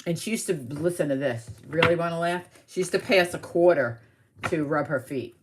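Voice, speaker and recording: Low-voiced woman rambling through stories. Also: brisk, background noise. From New York area. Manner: animated, rambling storyteller with asides. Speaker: tarot reader. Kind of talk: casual live tarot reading with storytelling.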